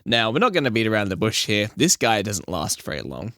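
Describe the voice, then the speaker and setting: A man's voice: lowish voice, sing-song, a little fast, pushed and bright, dry recording, clean studio sound. A man hosting a podcast, explaining things in casual chat with lots of "um"s. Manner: explaining at length with many fillers. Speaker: podcast host.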